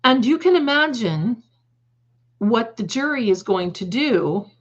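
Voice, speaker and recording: A woman's voice: a little high, animated, a little slow. A woman hosting a live stream, chatting casually in a rambling, emphatic way and often correcting herself mid-sentence. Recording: dull lo-fi stream audio.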